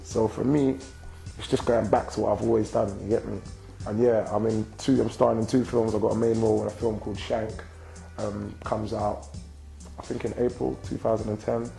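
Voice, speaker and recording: A young London man in his twenties answers interview questions in a loose, slang-heavy flow, with a low, mellow voice. There is a gravelly fry to his tone. Faint music plays behind him. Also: flat delivery, moderate pace, low-quality recording. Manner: slang-heavy, constant "you get me" tags. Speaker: rapper and actor being interviewed.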